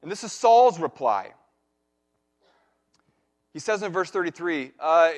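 A man preaching a sermon, retelling a Bible story in a lively way and acting out the characters' lines. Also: sits high, a little slow, long pauses. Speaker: pastor.

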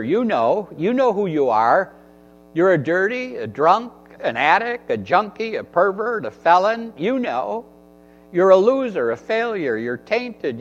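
A man's voice: high voice, voice pushed up, heavily acted. A man voicing a scornful male devil who keeps hurling repeated mocking accusations. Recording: dull recording with faint mains hum.

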